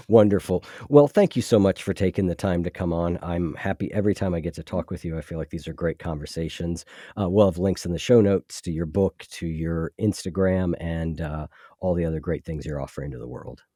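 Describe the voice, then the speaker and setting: Low, mellow-voiced male podcast host. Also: brisk, dry recording, clean studio sound. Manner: thoughtful, with frequent restarts and "you know". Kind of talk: casual interview chat.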